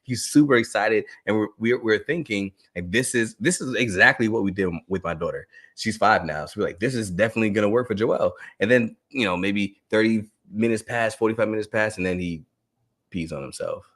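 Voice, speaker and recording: Brief: man in his thirties, lower voice, animated live talk to teachers, laughs a lot. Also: brisk. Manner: animated storytelling, laughing often. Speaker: educator and speaker.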